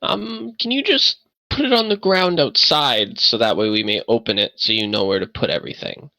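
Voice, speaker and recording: A man voicing a frail old man with a cane who talks hesitantly, stammering and pausing. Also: medium pitch, vocal fry, no echo, low-quality recording. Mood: fumbling polite. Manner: hesitant, stammering, then yelling at dogs.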